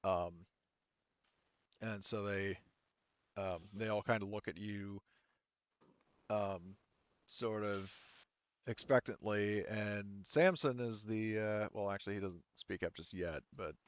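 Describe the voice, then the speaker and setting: A man's voice: fairly low pitch, slow pace, long pauses, no echo, lo-fi sound. A man narrating a tabletop game as game master, rambling and hesitant with many fillers.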